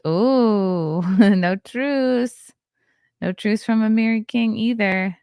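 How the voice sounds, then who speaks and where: A woman's voice: medium pitch, measured pace, clear, resonant tone, no room sound, muffled recording. A tired, yawning woman hosting a podcast, chatting casually with her viewers and rambling between comments from the chat. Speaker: podcast host.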